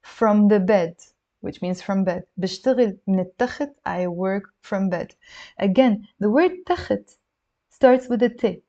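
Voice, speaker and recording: A woman teaching a spoken language lesson, explaining patiently and repeating phrases slowly for learners to echo. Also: medium pitch, mellow, highs cut off.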